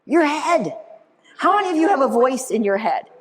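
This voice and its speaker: Casting: upbeat middle-aged woman, high voice, keynote speaker working a live room. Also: normal speed. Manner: energetic, animated, engages the audience with questions. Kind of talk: motivational keynote talk. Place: conference room before a live audience.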